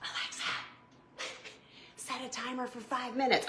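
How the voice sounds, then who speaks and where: A woman's voice: mid-range voice, expressive, measured pace, echoey room, noisy background. A woman, chatting with viewers while baking in her home kitchen, flustered and talkative. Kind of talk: casual chatty cooking livestream.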